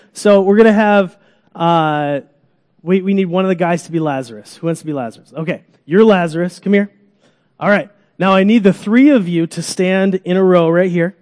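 A man preaching a sermon to a congregation in a church, animated, acting out groans and cries, coaxing children up for an illustration. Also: high voice, big-room sound. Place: church sanctuary.

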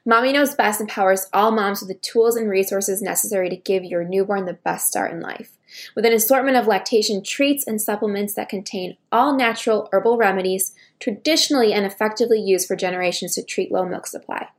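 A woman's voice: medium pitch, fairly quick. A woman podcast host reading a sponsor message in an upbeat way. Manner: brief supportive backchannels, upbeat ad read. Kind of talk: interview and read ad.

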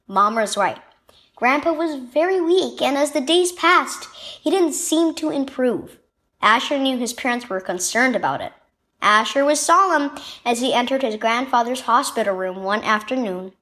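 Expressive woman reading a children's devotional. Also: a little high, normal speed. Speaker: devotional reader. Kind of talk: scripted narration of a children's devotional.

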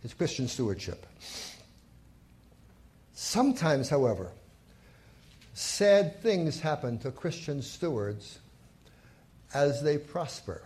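Lively, higher-voiced male preacher. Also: takes it slowly, pauses often. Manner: storytelling preacher, rising emphasis on key points. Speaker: pastor. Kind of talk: sermon. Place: church.

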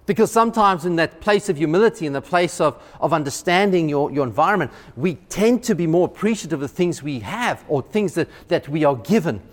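A male pastor preaching a sermon in a church, animated, often repeating words and acting out quotes. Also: a little high, fairly quick, hardly any pauses, in a large hall.

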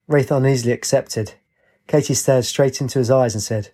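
A man narrating a story in a steady, plain audiobook reading. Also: mid-range voice, moderate pace.

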